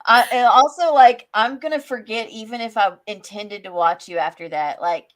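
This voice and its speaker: A woman co-hosting a casual live-stream chat, sarcastic and quick to swear. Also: fairly high pitch.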